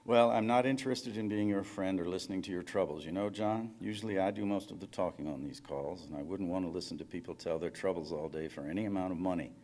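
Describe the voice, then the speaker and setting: A man's voice: deep voice, quick pace, few pauses, a little mellow, natural voice. Man reading as curt guarded phone operator woman. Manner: curt, coolly evasive. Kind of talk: live fiction reading.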